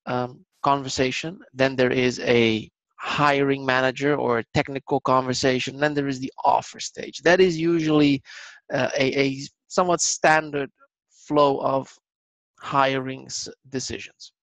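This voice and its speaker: A man speaking as a guest on an online business seminar, explaining in a measured way with filler ums, over a video call. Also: medium pitch, fairly bright tone, no room sound, low-quality recording. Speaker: company guest.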